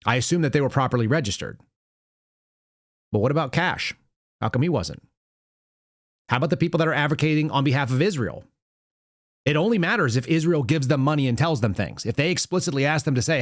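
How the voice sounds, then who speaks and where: A man hosting a political commentary show, talking casually, with plenty of restarts and stories told through quoted back-and-forth. His voice sits at an average pitch, recorded close and dry on a studio mic. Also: expressive, a little fast, no room sound. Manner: conversational storytelling with quoted dialogue and restarts. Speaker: podcast host.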